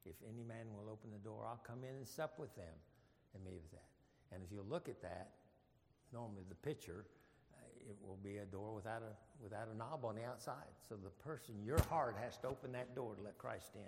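Folksy low-voiced man teaching scripture. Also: a little fast, big-room sound. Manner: folksy, joking, rambling asides. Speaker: Bible study teacher. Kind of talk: informal Bible study teaching.

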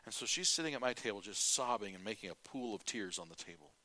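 A middle-aged man preaching with a bright, forceful voice pitched a little low. He tells folksy stories and acts out the people in them. He often stops to clear his throat. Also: expressive, fast talker, no echo. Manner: folksy storytelling, acting out quotes. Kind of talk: sermon.

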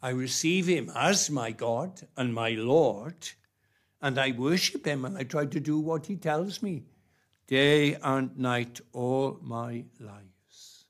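A man preaching a sermon, emphatic and repetitive, with long pauses between phrases. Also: mid-range voice.

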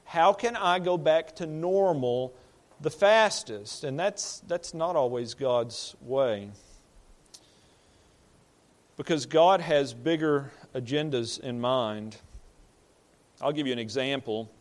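A man's voice: mid-range voice, takes it slowly, pauses often. Plain-spoken man preaching a sermon. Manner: plain-spoken, repeats words and restarts while building a point. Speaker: pastor. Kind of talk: conversational sermon.

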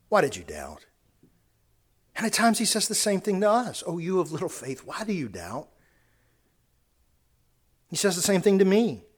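A man preaching a sermon, earnest, often repeating words and restarting phrases as he builds a point. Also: a little high.

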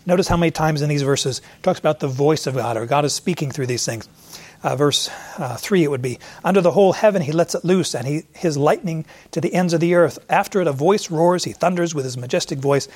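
Animated preaching man, higher voice. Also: a little fast. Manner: animated, acts out voices in quotes. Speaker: pastor. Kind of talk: sermon.

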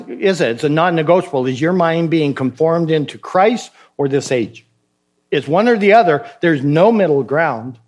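Emphatic man preaching a sermon. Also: fairly high pitch. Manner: questioning, emphatic, acts out dialogues. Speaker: pastor.

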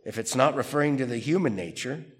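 A man's voice: mid-range voice, fast talker. A man giving a conversational theology lecture, reading quotations aloud and questioning them. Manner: animated, conversational, reads quotes aloud. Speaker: theology teacher. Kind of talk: classroom lecture.

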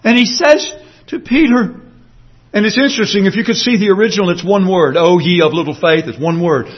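A man preaching a sermon, explaining a passage earnestly and slowing down to stress his points. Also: high-pitched, lo-fi sound. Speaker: pastor.

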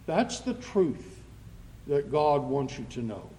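A man preaching a sermon as pastor, speaking slowly and rising to loud, emphatic readings of scripture. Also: medium pitch, very animated. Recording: long reverb of a church hall.

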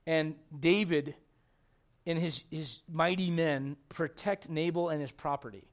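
A man's voice: a little high, fairly even intonation, unhurried. A man, preaching a sermon in a conversational, storytelling way full of rhetorical questions.

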